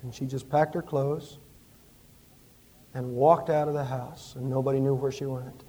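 A man preaching a Christmas sermon in a church, with impassioned rises and hushed storytelling. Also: medium pitch, normal speed. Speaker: pastor.

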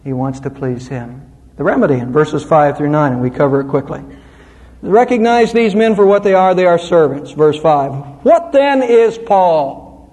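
A man preaching an expository sermon, with lively, rising and falling emphasis. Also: fairly high pitch, moderate pace, in a large hall. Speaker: pastor.

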